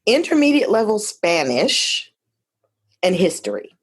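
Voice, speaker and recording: A woman in her fifties from Detroit, a guest telling her life story in a lively, chatty way with many asides. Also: medium pitch, unhurried, slightly rough. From Detroit, USA. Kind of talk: casual storytelling conversation.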